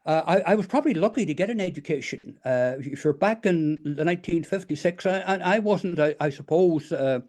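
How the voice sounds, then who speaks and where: Older man, Northern Irish accent, slightly high voice, rambling, lots of restarts, interview guest. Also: fairly quick, few pauses, a little mellow. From Northern Ireland. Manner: rambling, full of restarts and "you know". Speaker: guest, retired teacher and memoir author. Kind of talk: casual storytelling interview.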